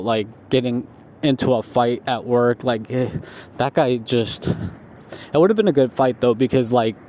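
A young man, high as he talks, tells a long, rambling story full of "like" and swearing. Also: dark tone, slight background noise. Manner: repetitive, profane, full of "like" fillers. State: stoned.

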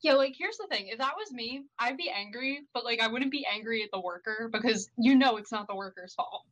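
A woman's voice: a little high, animated, brisk, fairly bright tone, muffled recording. A young woman in a casual chat with friends, talking with many "like"s and frequent laughs. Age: young adult. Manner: chatty, laughs a lot, many "like"s.

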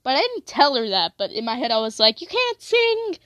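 A woman's voice: fairly high pitch, big pitch swings, quick pace, sharp tone, dry recording, dull audio. A young woman chatting casually, rambling with lots of "like" and self-corrections.

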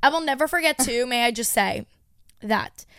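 A woman's voice: a little high, moderate pace, fairly bright tone, smooth, no echo, clean studio sound. A woman co-hosting a comedy podcast in casual chat, chatty and laughing often, swearing freely and talking over others. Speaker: podcast co-host.

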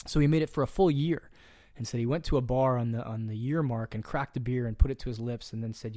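A man's voice: medium pitch, steady tone, quick pace, warm tone, dry recording, clean studio sound. Earnest, plain-spoken male coach. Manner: earnest, direct, plain-spoken, with mild profanity. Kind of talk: casual podcast conversation.

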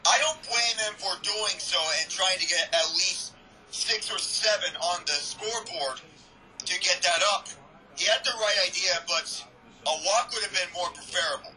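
Bright high-voiced male color commentator. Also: normal speed, low-quality recording. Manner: emphatic, repeats exclamations. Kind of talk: fan broadcast baseball commentary.

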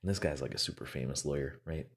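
A man's voice: rumbling low, fast talker. A man giving an earnest, motivational casual talk, rambling with fillers and repeated words.

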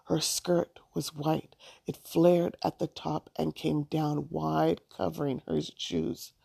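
Woman reading a story, low and gravelly. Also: level tone, takes it slowly, mellow, dry recording, studio quality. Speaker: narrator. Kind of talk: storybook read-aloud.

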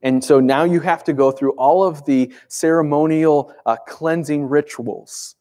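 A man's voice: fairly high pitch, fairly even intonation, measured pace, mellow. A man preaching a sermon as pastor, speaking conversationally and emphatically with rhetorical questions.

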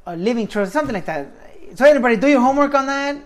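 A man's voice: very high voice, lively intonation, rapid-fire. A man chatting casually, laid-back, with lots of fillers like "you know" and frequent laughter. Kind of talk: casual chat.

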